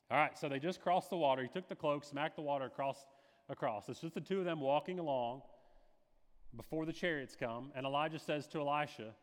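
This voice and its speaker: A man's voice: on the high side, fairly quick, long reverb tail. A male pastor preaching a sermon, slipping into quoted voices with dramatic shifts.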